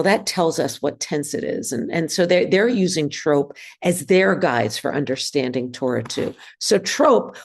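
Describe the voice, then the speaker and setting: A woman teaching a synagogue class, speaking hesitantly with many ums and pauses. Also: sits low, vocal fry, a little mellow. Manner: hesitant, many ums, sings trope examples. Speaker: bar mitzvah trope teacher. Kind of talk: classroom lesson.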